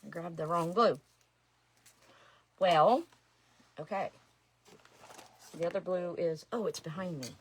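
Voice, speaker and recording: A woman in her sixties, a resin artist streaming live, chats casually while she works and often talks to herself. Her voice is husky and on the low side, and she speaks unhurriedly with long pauses.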